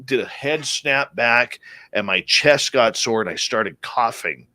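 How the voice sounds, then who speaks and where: A man hosting a radio talk show, asking questions and telling stories in a lively way, acting out what others said. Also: mid-range voice, unhurried, no room sound. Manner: animated storyteller who acts out quoted speech. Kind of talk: casual interview talk.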